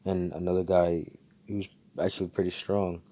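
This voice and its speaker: A man's voice: sits low, level tone, normal speed, warm tone, muffled recording. A man casually narrating a fan story, rambling with fillers and swearing.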